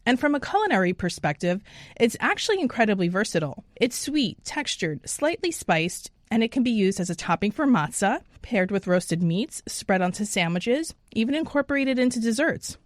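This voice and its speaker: A woman's voice: a little high, big pitch swings, normal speed, dry recording. Woman hosting a food radio show, upbeat and polished, dead dry studio mic. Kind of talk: radio interview and scripted segment.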